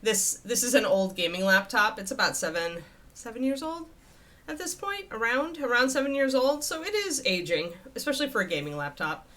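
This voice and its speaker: Chatty, bright-voiced woman streamer. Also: on the high side, animated, a little fast. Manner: chatty, rambling, self-amused. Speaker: livestreamer painting miniatures. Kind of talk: casual live-stream chat. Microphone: desk USB microphone at face level.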